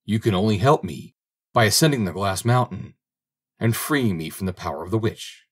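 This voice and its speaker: An enchanted young princess pleading for rescue, read by a man in his own low, husky voice. Formal, earnest speech from a fairy-tale audiobook. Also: lively intonation, normal speed. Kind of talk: audiobook character reading.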